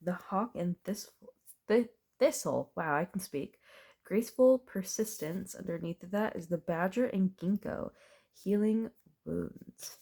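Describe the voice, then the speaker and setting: At a measured pace, a tarot reader speaks in a lowish, mellow voice with vocal fry and a breathy edge. Her chatty reading is casual; she thinks aloud over each card and laughs from time to time.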